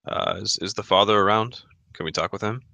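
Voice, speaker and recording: Deep, bright-toned man playing a tabletop game. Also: brisk, gravelly, a little hiss or hum. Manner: casual, friendly, hesitant. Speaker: player. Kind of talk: tabletop role-play chat.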